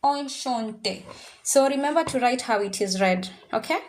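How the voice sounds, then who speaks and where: Female French teacher, slow measured delivery, repeats phrases for students. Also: on the high side. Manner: drills pronunciations by repeating words slowly. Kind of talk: classroom language lesson. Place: classroom with students.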